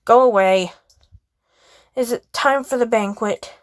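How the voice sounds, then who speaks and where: A woman's voice: mid-range voice, normal speed, no room sound, studio quality, natural voice. A woman voicing a cold, curt young male pianist, speaking in a sleepy, irritated way.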